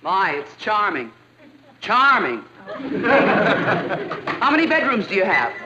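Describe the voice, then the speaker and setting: A woman's voice: medium pitch, very animated, takes it slowly, pushed and bright, a faint crowd, exaggerated voice. An actress playing a fussy, condescending middle-aged woman looking over a house in a 1960s sitcom. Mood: snooty. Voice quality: affected, condescending. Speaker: prospective house tenant. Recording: dull 1960s sitcom audio with laugh track.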